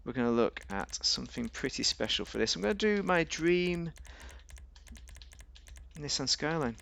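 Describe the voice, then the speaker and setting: Gravelly man rambling over gameplay. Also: lively intonation, normal speed, a bit bright. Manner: rambling, chatty, jokey, talks to himself, sudden pitch jumps. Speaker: gaming video host. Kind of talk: casual gameplay commentary.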